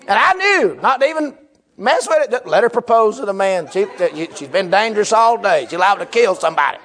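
Loud animated preacher man. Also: high-pitched, fairly quick. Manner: animated, loud, often breaking into laughter and shouting. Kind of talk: humorous sermon storytelling.

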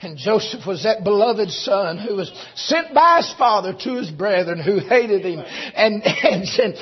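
A man preaching a sermon, shifting from quiet storytelling to shouted preaching. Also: sits high, animated, a little slow, slightly rough. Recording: dull lo-fi recording.

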